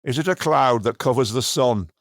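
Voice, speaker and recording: A man doing an impression of a famous male punk poet, with a clipped deadpan delivery. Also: mid-range voice, moderate pace, no echo, clean studio sound, close to an everyday voice.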